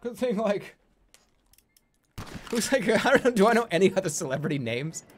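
A man's voice: very animated, moderate pace. Rambling jokey male streamer over gunfire. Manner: rambling, jokey, bursts into loud high mock-announcer bits. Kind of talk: casual gaming stream chat. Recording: game gunfire noise behind voice.

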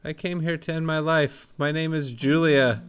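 A man's voice: fairly high pitch, fairly even intonation, moderate pace, clear, resonant tone, voice pushed up, natural voice. A man reading aloud as a despairing wounded woman in a game, pleading in a strained, raised voice.

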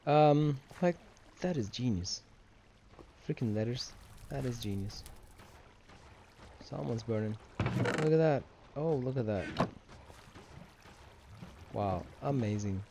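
A man's voice: medium pitch, lively intonation, slow pace, vocal fry, pauses often, background noise. A man giving casual, rambling gameplay commentary for his channel, drowsy and easily distracted. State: sleepy, yawning. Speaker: gamer and video host.

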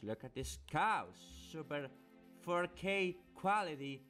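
A man commentates his gameplay casually, sarcastic and fond of swearing. He speaks at a slow, unhurried pace. Faint game music plays behind him. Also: a little high. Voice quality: sarcastic, mock-excited, swears a lot.

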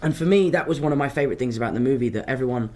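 A man's voice: medium pitch, rapid-fire, a little mellow. A young man with an English accent, an actor chatting cheekily in press interviews and often apologising.

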